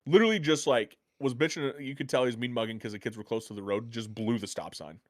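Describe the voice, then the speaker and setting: An American man telling a rambling, profane story in a casual podcast chat, getting excited as he goes. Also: medium pitch, fast talker, no echo, studio quality. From United States. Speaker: podcast co-host.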